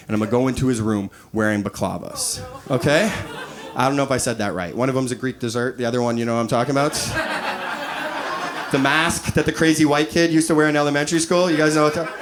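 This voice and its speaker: A man in his thirties performing a crude, animated stand-up comedy set on a club stage, acting out quoted voices. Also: medium pitch, quick pace, crowd noise. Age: 30s. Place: comedy club stage before a laughing audience.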